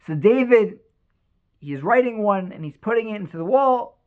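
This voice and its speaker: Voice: medium pitch, lively intonation, normal speed, phone-quality sound. A storyteller telling an inspirational religious story with emotion, repeating words and restarting sentences.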